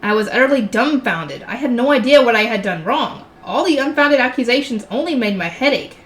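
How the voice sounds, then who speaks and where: A woman's voice: fairly high pitch, expressive, fairly quick. A woman reading a novel aloud as a channel host, breaking off for chatty, exasperated asides. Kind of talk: reading aloud with casual commentary.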